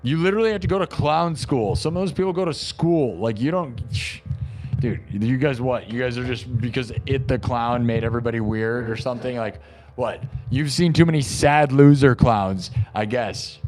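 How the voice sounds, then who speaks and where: A man's voice: mid-range voice, moderate pace, a little mellow, faint music behind. A man hosting a live stream, chatting casually and rambling with lots of "like" and "dude.". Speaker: live-stream host and improv musician. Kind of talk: casual chat.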